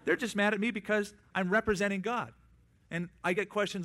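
Conversational preacher with a fairly high voice. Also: male voice, steady tone, fairly bright tone. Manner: conversational preaching with quick asides and acted-out quotes. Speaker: pastor. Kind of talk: sermon.

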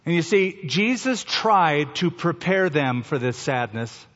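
Male pastor, sermon delivery, slows and softens for key lines; fairly high voice, long hall reverb. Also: sing-song, dull audio. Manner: slows down for emphasis, drops to a soft low voice at key phrases.

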